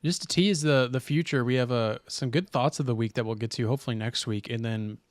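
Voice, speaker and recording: A man's voice: mid-range voice, a little fast, no room sound, clean studio sound. A young man co-hosting a comedy podcast in a casual chat, joking crudely and ranting playfully. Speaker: podcast co-host.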